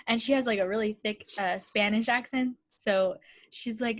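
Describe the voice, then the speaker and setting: A woman's voice: on the high side, fairly even intonation, a little fast. Chatty young woman, casual podcast chat. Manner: chatty, laughs often, many "like" fillers. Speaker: podcast co-host.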